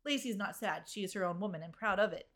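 A woman's voice: mid-range voice, fast talker, a bit bright. Chatty woman telling a story. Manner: chatty storytelling, hedging with fillers. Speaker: podcast co-host. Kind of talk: casual chat.

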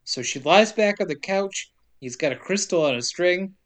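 A man's voice: high-pitched, expressive, normal speed, fairly bright tone. Joking man recapping a movie. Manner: profane, joking, acts out characters' lines. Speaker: podcast co-host. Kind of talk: casual comedic movie recap.

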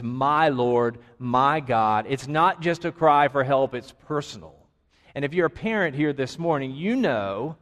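A man preaching a sermon to his congregation, earnest, with dramatic pauses and rising emphasis. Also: medium pitch. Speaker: pastor. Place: church sanctuary. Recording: long hall reverb.

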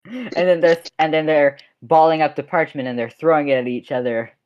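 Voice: medium pitch, brisk, a little mellow, highs cut off. A game master narrating a tabletop game in a loose, rambling way, full of restarts and filler. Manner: rambling, with frequent restarts and laughs.

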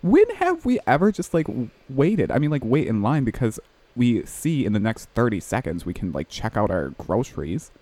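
A man's voice: medium pitch, sing-song, moderate pace, dark tone. A man chatting casually, rambling with many fillers and laughing at himself. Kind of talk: casual chat over a video call.

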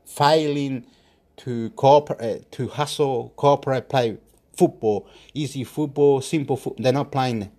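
A man's voice: mid-range voice, unhurried, warm tone. A man giving football predictions in a rambling casual monologue, talking to himself, muttering and sometimes swearing.

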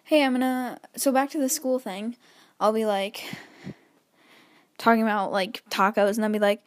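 A woman's voice: fairly high pitch, fairly even intonation, moderate pace, no room sound, clean studio sound. A teenage girl hosting her own podcast, chatting casually, nervous and rambling, breathing heavily between thoughts and poking fun at herself. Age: teens. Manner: nervous, rambling, self-deprecating, heavy breathing. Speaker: podcast host. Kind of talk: casual solo podcast chat.

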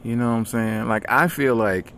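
A man hosting a comedy podcast, telling stories in an animated, slangy, mock-aggressive rant. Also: mid-range voice, moderate pace, slight background noise. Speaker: podcast host.

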